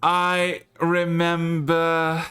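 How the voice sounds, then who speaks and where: A man voicing a short, gruff old hag who keeps a tavern and drifts into wistful memories. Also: a little high, completely flat delivery, drawn-out words, fairly bright tone, faint music behind. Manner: gruff, folksy, drifting into reminiscence.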